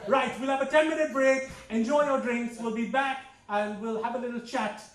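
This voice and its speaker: A man's voice: very high-pitched, steady tone, normal speed, a crowd in the background. A man performing stand-up comedy, telling stories conversationally and slipping into character voices. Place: club hall with live audience. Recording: echoey hall, heard from a distance.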